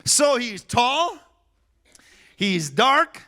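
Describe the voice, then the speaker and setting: A man preaching a sermon as pastor, telling stories in a lively way, laughing and acting out what people said. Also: very high voice, very slow. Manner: animated storytelling with laughter and acted-out voices. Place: church sanctuary.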